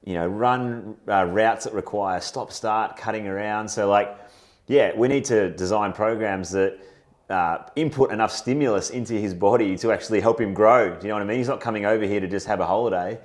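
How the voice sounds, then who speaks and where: Man, fairly low voice, upbeat co-host, gets louder when excited. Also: brisk. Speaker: co-host, trainer. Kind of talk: casual chat.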